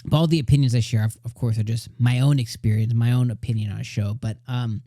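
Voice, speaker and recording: A man's voice: mid-range voice, fairly even intonation, fast talker, dark tone, no echo, studio quality. A middle-aged man casually reviewing an anime episode, gushing and rambling with many fillers.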